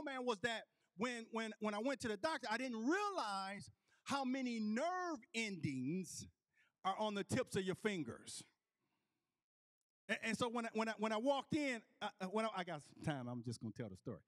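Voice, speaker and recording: A man's voice: sits high, big pitch swings, moderate pace, a bit bright. A male preacher telling a story in a sermon, often restarting phrases and calling out to the congregation. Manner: repetitive restarts, calls out to the congregation.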